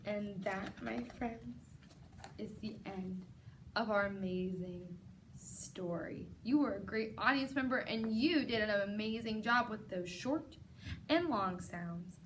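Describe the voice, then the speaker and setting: A woman teacher reading a picture book aloud to children, expressive and encouraging. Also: medium pitch, slow pace, slight background noise. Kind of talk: children's story read-aloud.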